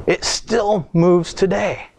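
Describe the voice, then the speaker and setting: A man preaching a sermon, retelling stories in a conversational way with lively quoted asides. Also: high voice, slow, slight background noise. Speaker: pastor.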